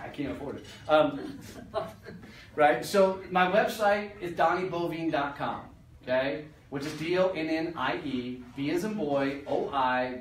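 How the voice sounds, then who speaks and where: A man's voice: on the high side, fairly bright tone. A man giving a live motivational talk to a small audience, blunt and profane with a joking edge. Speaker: speaker at a business lunch event. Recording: roomy, distant mic, faint noise.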